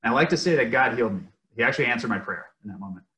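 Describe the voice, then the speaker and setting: A man, a former fighter pilot, telling a personal story in an interview in an earnest, reflective way, pausing and restarting as he goes. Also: medium pitch, lively intonation, sharp tone. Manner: earnest, reflective, with halting pauses. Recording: echoey room.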